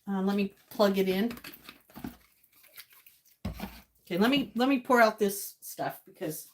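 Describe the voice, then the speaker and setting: A woman's voice: medium pitch, takes it slowly, a little hiss or hum. A woman vlogging casually to her viewers from her home kitchen and yard, chatting and talking to herself as she goes. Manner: chatty, talks to herself while cooking.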